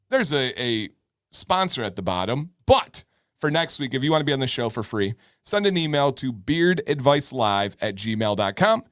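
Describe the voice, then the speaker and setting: A middle-aged man talks casually on a live advice show, joking and teasing his co-host over small points. His voice sits at an ordinary middle pitch. It is recorded dry and close, with no room sound. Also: no room sound. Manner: joking, playfully argumentative. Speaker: podcast co-host. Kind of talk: casual live-stream chat.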